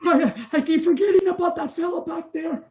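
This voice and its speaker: A woman co-hosting a podcast in casual group chat, playful and a bit halting, often laughing. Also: extremely high pitch, a loud crowd. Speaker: podcast co-host.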